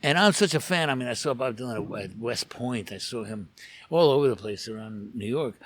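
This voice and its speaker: A man's voice: medium pitch, lively intonation, a little fast. An older American man, a rock photographer, telling long stories as a podcast guest, with restarts and acted-out quotes. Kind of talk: casual storytelling in a podcast interview.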